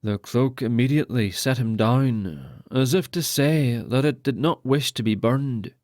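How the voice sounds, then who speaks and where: A man narrating an epic fantasy audiobook in a steady, measured reading style. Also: mid-range voice, dry recording, clean studio sound. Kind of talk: scripted narration.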